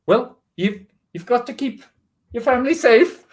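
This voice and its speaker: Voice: medium pitch, lively intonation, a little slow, close to an everyday voice. An improviser playing a gushing, doting 1960s Swedish housewife in a comedy scene. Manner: gushing, sweetly agreeable.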